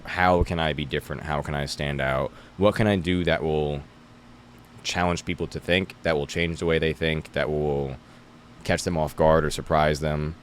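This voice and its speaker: Deep-voiced young man from New Jersey. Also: normal speed, slight background noise. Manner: relaxed, animated storyteller who acts out quotes. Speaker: guest comedian. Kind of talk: casual podcast chat.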